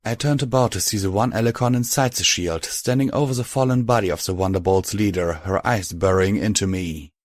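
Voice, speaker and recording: Low-voiced guy reading a story, steady and even, dry mic. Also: brisk, hardly any pauses, no echo. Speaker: audiobook narrator. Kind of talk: scripted narration.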